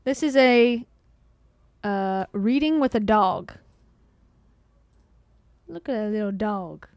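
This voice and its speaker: A woman's voice: medium pitch, expressive, takes it slowly, darkish tone, dry recording, studio quality. A woman hosting a comedic commentary video who reacts to clips with playful, sarcastic asides. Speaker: commentary host.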